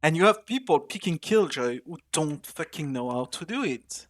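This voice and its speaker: A man's voice: on the high side, lively intonation, normal speed. A man streaming live gameplay, ranting angrily at his teammates with heavy swearing. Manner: complains loudly about teammates. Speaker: streamer playing a competitive shooter.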